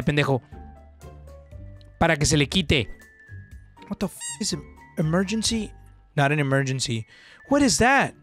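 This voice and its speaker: A young man talks through a game in a joking, profane way, dropping slang between English lines. His voice sits a little on the higher side. Faint game music plays behind him. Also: fairly bright tone. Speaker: gaming streamer. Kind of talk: casual let's-play commentary.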